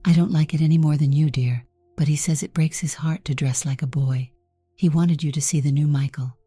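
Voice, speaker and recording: A woman's voice: sits low, steady tone, brisk, dark tone, breathy edge, no room sound, clean studio sound. A woman reading aloud voices a doting, manipulative middle-aged mother who speaks in a sweet, coaxing, sing-song way.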